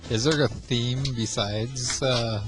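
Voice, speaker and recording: A man co-hosting a casual podcast, easily amused and quick to react, with music playing behind him. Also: medium pitch, steady tone. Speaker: podcast co-host. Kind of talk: casual chat.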